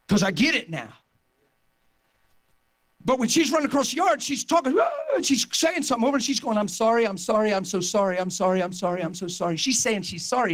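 Impassioned high-voiced male preacher. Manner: impassioned storytelling, rising to near-shouting. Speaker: pastor. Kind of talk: sermon testimony.

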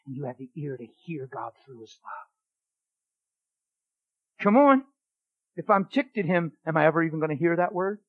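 A man's voice: a little high, husky, lo-fi sound. Dramatic storytelling male preacher. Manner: dramatic, swings from loud exclaiming to hushed near-whisper. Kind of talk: sermon testimony storytelling.

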